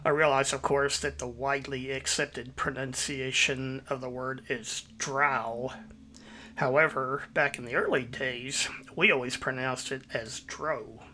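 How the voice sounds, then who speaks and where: A man hosting his own video, giving a measured, explanatory voice-over. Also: mid-range voice, flat delivery, sharp tone, a little hiss or hum. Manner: measured, explanatory, citing sources. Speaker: YouTube host.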